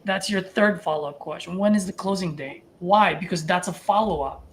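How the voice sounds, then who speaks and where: A man coaching a trainee, animated and casual, talking through sales feedback. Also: high-pitched, fairly quick, a little hiss or hum. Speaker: wholesaling coach and host.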